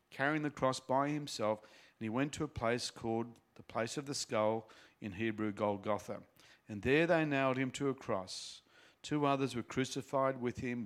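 A man reading a Bible passage aloud and breaking off into casual, explanatory teaching asides. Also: medium pitch. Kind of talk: scripture reading with commentary.

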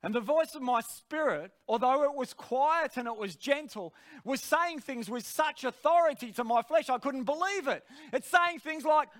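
A man's voice: very high voice, expressive, normal speed, fairly bright tone. A man preaching a sermon, telling a personal story in an earnest, direct way.

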